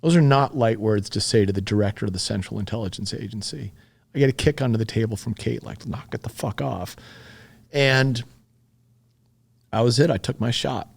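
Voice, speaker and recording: A man's voice: fairly low pitch, fairly quick, vocal fry. Candid man telling a story, swearing. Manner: candid, swears freely, animated retelling. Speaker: podcast guest. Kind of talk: casual storytelling.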